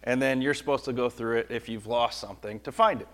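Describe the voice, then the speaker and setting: A middle-aged man giving a lively, conversational children's sermon, often asking the kids "right?". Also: medium pitch, fast.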